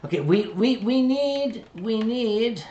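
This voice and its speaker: A man's voice: very high voice, expressive, takes it slowly, mellow, highs cut off. A man from Pennsylvania hosting a stream, telling a rambling, profane story in casual chat. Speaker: streamer host. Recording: echoey room with faint noise.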